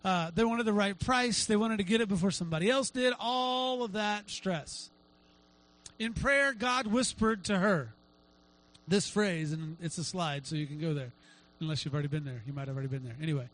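A middle-aged male pastor preaching a sermon, telling a story with lively acted-out quotes. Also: high voice, normal speed, low-quality recording. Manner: animated storytelling, acts out quotes.

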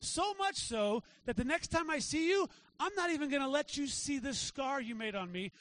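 A man preaching a sermon to his church, talking in a casual way and checking in with the congregation with quick asides. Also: very high-pitched, lively intonation, a bit bright. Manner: conversational preaching with frequent "right?" asides. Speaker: pastor. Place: church sanctuary.

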